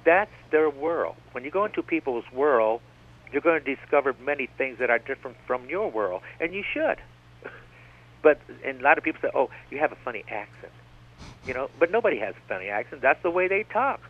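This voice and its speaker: Casting: man, radio guest, rambling, digressive talker, call-in phone sound, mid-pitched voice. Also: very animated, a little fast. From United States. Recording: tinny phone-line radio broadcast.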